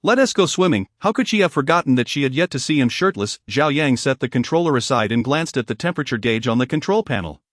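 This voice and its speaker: A man narrates a romance novel in a steady, smooth audiobook reading at a middling pitch. The recording is dry and close, with no room sound. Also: quick pace, hardly any pauses, no room sound.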